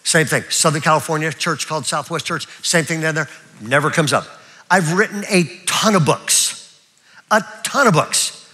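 An older man preaching a sermon as pastor, in a lively, chatty way that keeps checking in with his listeners. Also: on the high side, moderate pace. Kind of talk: live sermon. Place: church auditorium.

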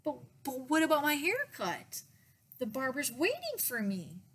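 A woman voicing an excited young boy in a picture book read-aloud, yelling in a high voice. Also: unhurried, exaggerated voice. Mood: pleading.

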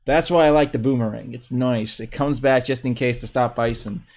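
A young man livestreaming a fighting game, commenting excitedly, trash-talking opponents and whooping at big hits, with keyboard clicks behind him. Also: mid-range voice, normal speed. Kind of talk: live gameplay commentary.

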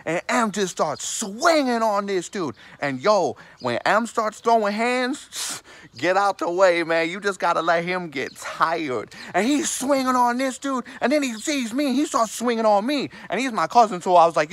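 A man's voice: sits high, lively intonation, moderate pace, fairly bright tone, no echo. A man in a comedic sketch monologue, rambling and repeating his filler phrases over and over. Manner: rambling, repeats "for real" and "or whatever".

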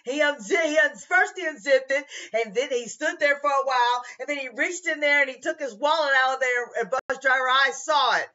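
A shrill frantic old lady. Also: fairly quick, few pauses, lo-fi sound. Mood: urgent insistent. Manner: shrill, yelling in alarm. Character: frantic elderly woman shouting at bus driver.

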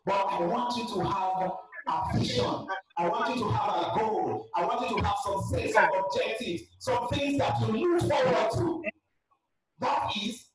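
High-pitched African preacher in an echoey church. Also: male voice. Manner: emphatic, often shouting, calls on the congregation. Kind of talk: funeral sermon. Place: large church hall. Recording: very echoey church from far off, with music.

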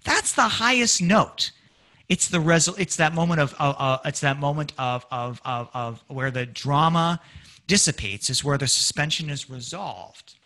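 A man giving a public music lecture, animated and acting out lyrics in dramatic voices for his audience. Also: on the high side, moderate pace. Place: community presentation room.

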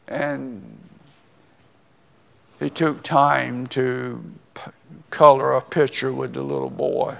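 An older man, a pastor, preaching a sermon and telling a story slowly and deliberately, with pauses. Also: mid-range voice, creaky. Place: church sanctuary. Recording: long reverb of a church hall.

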